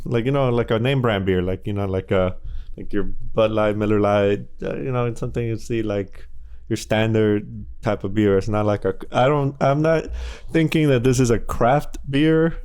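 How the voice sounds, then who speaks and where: Low mellow man co-hosting a beer chat. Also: moderate pace, clear, resonant tone. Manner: laid-back, hesitant with many fillers. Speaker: podcast co-host. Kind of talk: casual beer review chat.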